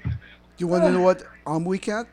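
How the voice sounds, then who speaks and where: A man's voice: sits high, fairly even intonation, a little mellow, slight background noise. Stammering man in casual chat. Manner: halting, stammering. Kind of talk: casual group chat about writing.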